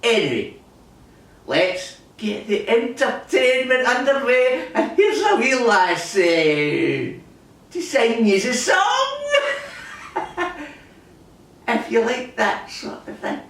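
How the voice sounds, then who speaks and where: A man's voice: very high-pitched, wildly swooping pitch, takes it slowly, long pauses, fairly bright tone. A Scottish man hosting a music hall show with grumbling, miserly comic patter, chuckling often. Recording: echoey hall from far off.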